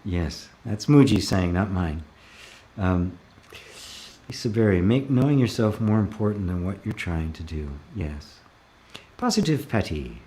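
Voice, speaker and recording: Male spiritual teacher, deeper voice, calm live Q&A host reading comments, gentle laughs. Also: a little hiss or hum. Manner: calm, reflective, often slows to stress a word.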